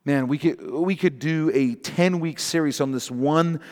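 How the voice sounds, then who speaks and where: A male pastor preaches with animated energy, mixing scripture reading with joking asides and emphatic repeated lines. His voice sits fairly high for a man. A long hall reverb trails behind every phrase. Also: unhurried. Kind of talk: sermon.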